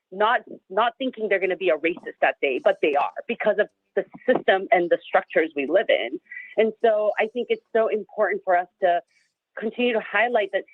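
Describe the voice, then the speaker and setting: A woman's voice: mid-range voice, no echo. A woman guest on a radio show, speaking earnestly with many fillers, audibly emotional and near tears. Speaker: guest, advocacy group director. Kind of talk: radio interview. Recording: thin phone line, dry.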